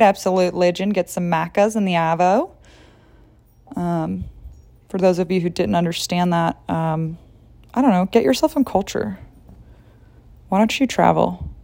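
A woman's voice: on the low side, vocal fry, mellow. A woman hosting a casual solo podcast, rambling, jokey and profane as she talks to listeners. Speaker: podcast host.

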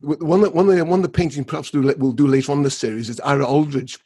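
Brief: male co-host, raspy upper-mid voice, emphatic delivery. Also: fairly high pitch, steady tone, rapid-fire, dark tone. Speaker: artist and podcast co-host. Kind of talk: podcast discussion.

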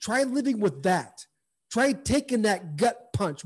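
Middle-aged guy with a pretty high voice, talks earnest and fired up, keeps repeating lines to hammer them home. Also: big pitch swings, slow pace, husky. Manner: earnest, impassioned, repeats phrases for emphasis. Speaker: guest, former pro baseball player. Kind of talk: candid interview storytelling.

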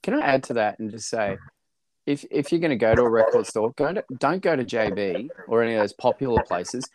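A man's voice: medium pitch, lively intonation, brisk, a little mellow, dry recording, low-quality recording. A man co-hosting a podcast in casual chat, laid-back and swearing freely. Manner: laid-back, swearing, says dude a lot. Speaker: podcast co-host.

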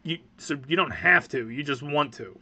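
Teasing man with a bright voice. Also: fairly high pitch, animated, normal speed. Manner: teasing, dry humor. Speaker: podcast host, parent. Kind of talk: casual family podcast chat.

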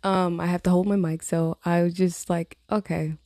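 A woman's voice: fairly low pitch, little pitch movement, normal speed, mellow, dry recording. A woman, rambling in a casual vlog about her songwriting, swearing and laughing often. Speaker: songwriter vlogger. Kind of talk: casual chat to camera.

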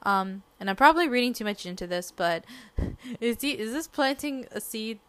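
A woman's voice: fairly high pitch, lively intonation, moderate pace, clear, resonant tone, no echo. Chatty young woman podcast host. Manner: rambling, chatty, with giggly side remarks. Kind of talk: casual book podcast chat.

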